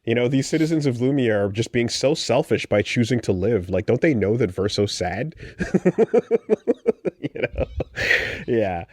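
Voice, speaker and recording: A man co-hosting a casual podcast discussion, animated and sarcastic, often restarting his sentences. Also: mid-range voice, normal speed, no echo, clean studio sound. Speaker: podcast co-host.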